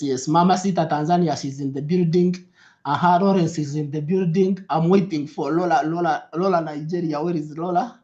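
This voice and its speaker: A young adult man hosts a live trading stream, greeting viewers and repeating himself in an upbeat way, dropping into soft asides. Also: a little high. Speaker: trading mentor hosting a livestream. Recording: lo-fi stream audio.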